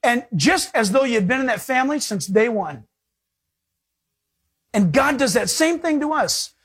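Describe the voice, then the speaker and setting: Male preacher, husky tone, animated sermon delivery with big shifts in pitch and pace. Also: normal speed.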